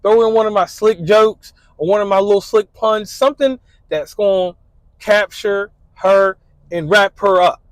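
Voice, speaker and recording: A man's voice: high-pitched, a little slow, dry recording, rough recording. A man talking casually in a laid-back, slangy way, full of "you know" fillers, as he describes his ideal date. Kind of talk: casual spoken monologue.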